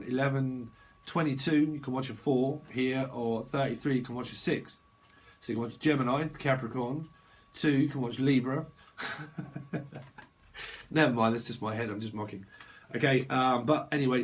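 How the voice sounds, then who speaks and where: A man doing a casual tarot reading, slangy and animated. He swears freely and laughs often. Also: mid-range voice. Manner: animated, slangy, acts out little dialogues. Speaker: tarot reader.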